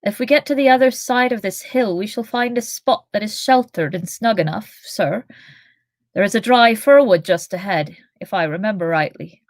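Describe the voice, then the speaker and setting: A woman's voice: mid-range voice, moderate pace, no echo, close to an everyday voice. A woman reading aloud, voicing a loyal, practical male hobbit who speaks respectfully. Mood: helpful. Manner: respectful, helpful.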